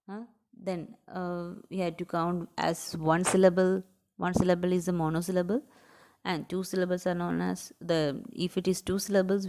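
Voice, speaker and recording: Woman teacher explaining grammar slowly. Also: medium pitch, darkish tone. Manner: explains step by step, often checks with "right?"; spells out letters and breaks words into syllables slowly. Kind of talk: grammar lesson for children.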